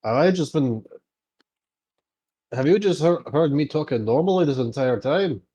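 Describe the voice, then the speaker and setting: A man voicing a gruff, whiskey-loving fighter who talks loudly. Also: on the high side, lively intonation, normal speed, pitched above the performer's own voice. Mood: indignant. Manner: loud and blustering.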